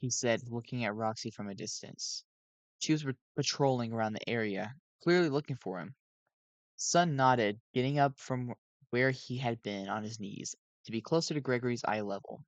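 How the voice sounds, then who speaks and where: Reading fan fiction aloud on a cheap home microphone, a tired man keeps tripping over words and fixing them. He speaks in a mid-range voice at a moderate pace, without echo.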